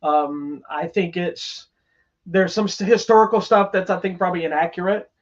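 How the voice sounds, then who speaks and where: High-voiced man raving about a movie. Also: normal speed. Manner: enthusiastic, rambling with restarts and "you know". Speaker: podcast co-host reviewing movies. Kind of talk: casual chat. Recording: slightly dull lo-fi sound.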